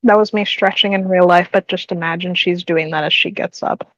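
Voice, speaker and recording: Casting: playful woman player, mid pitch, dry close mic. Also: fairly even intonation, brisk, fairly bright tone, dry recording, highs cut off. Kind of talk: casual tabletop play.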